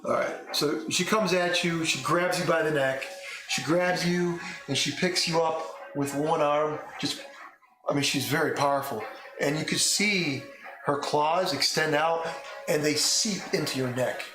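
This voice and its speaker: A man narrating a tabletop game as game master, describing scenes haltingly with frequent restarts. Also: on the high side. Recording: echoey room with music behind.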